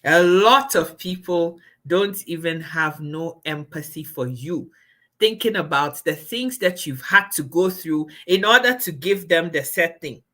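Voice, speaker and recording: Lady on a live stream, slow and blunt, bright tone, preachy. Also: lowish voice, animated. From Ghana. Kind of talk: candid live stream talk.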